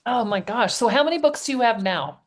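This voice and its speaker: A woman's voice: fairly high pitch, lively intonation, a little fast. An older woman hosting an interview, reacting with enthusiastic exclamations and asking friendly questions. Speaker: host. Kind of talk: casual interview chat.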